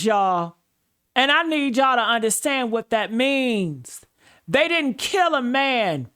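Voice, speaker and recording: Slow, preachy woman commentator. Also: a little high, sing-song, fairly bright tone, clear, resonant tone. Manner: preacher-like, repeating phrases. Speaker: commentary host. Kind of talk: scripted commentary monologue.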